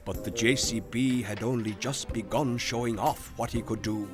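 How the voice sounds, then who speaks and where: A man's voice: mid-range voice, steady tone, moderate pace, over music. Man narrating a children's story.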